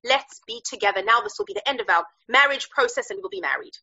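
Young widow, earnest and pleading, pitched high, voiced by a woman teacher in a lesson; husky, muffled sound. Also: lively intonation, quick pace, bright, forceful tone, heavily acted.

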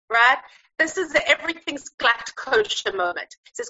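Forceful husky woman teaching with gusto. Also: fairly high pitch, fast, highs cut off. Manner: lively, chatty, hesitant with fillers. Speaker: Bible teacher. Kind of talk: animated storytelling lesson.

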